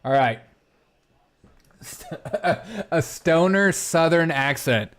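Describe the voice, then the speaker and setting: A male host in loose, comedic chat, laughing often and rambling as he talks himself through a prank. His voice sits slightly high for a man. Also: lively intonation, very slow, fairly bright tone. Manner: giggly, rambling, self-mocking. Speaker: show host. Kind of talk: casual comedic livestream chat.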